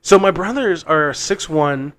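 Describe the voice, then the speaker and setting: A man's voice: on the high side, lively intonation, unhurried, fairly bright tone. A man co-hosting a podcast, telling a long story casually in a rambling, profane way. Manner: rambling and profane, with frequent restarts and laughs. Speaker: podcast co-host.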